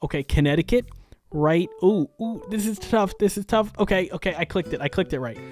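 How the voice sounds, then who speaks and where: A woman from New York giving excited gaming commentary, exclaiming often and talking straight to her viewers. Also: on the low side, fairly quick, faint music behind. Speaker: gaming creator.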